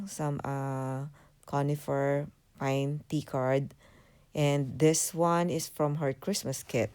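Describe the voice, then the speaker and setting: Woman narrating her craft journal, lots of uh and um, very low mellow voice, slow and smooth. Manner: hesitant, many fillers, apologetic. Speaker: craft channel host. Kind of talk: casual voiceover of a craft walkthrough. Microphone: voiceover mic.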